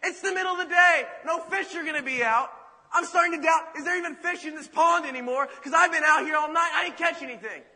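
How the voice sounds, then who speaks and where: Man playing an exasperated fisherman, bright strained voice, loud complaints, long hall reverb. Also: very high-pitched, quick pace, voice pushed up, full character voice. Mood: exasperated shout. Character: frustrated tired male fisherman, grumbling.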